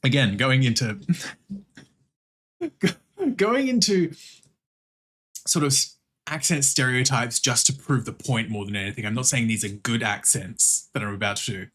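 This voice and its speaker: A man's voice: mid-range voice, fairly even intonation, fairly quick, fairly bright tone. An Australian man chatting casually with viewers while drawing on stream, swearing freely and laughing often. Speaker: art streamer.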